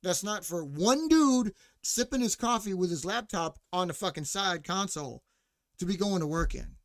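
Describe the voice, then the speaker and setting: A man's voice: sits high, no room sound, studio quality. A man ranting casually as a podcast host, profane and mocking, full of fillers like "like" and asides to listeners. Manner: responds to chat or co-host mid-rant.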